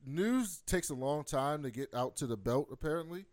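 A man's voice: fairly high pitch, normal speed, no echo, clean studio sound. A man co-hosting a podcast, recapping a TV episode in casual chat and acting out lines from the scenes. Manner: animated storytelling, acts out quotes. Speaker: podcast co-host.

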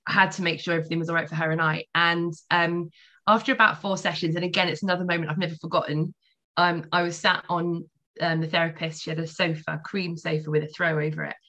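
A woman's voice: on the low side, fairly even intonation, fast talker, sharp tone, lo-fi sound. A woman in her forties, a podcast guest telling her personal story candidly, swearing freely.

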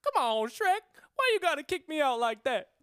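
A man doing an impression of an excitable male cartoon donkey, pleading in a high, loud voice. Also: moderate pace, no echo, studio quality, exaggerated voice.

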